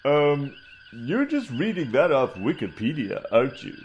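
A man voicing a dry, sarcastic male helmsman with a deadpan, wry delivery in a comedy audio parody. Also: medium pitch, a little slow.

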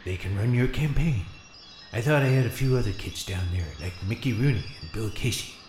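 A man's voice: medium pitch, animated, brisk, a little mellow, close to an everyday voice. Man doing a doddering old president ghost, keeps losing his place, echoey room with a bit of hiss. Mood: muddled. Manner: forgetful, rambling, loses his place. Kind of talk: comedy radio-play acting. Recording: echoey room, faint noise.

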